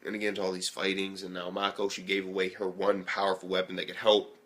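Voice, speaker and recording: A young man casually reviewing an anime episode, excitable and rambling, swearing freely and filling his talk with "like". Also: sits low, quick pace. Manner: excitable, profane, rambling with lots of fillers.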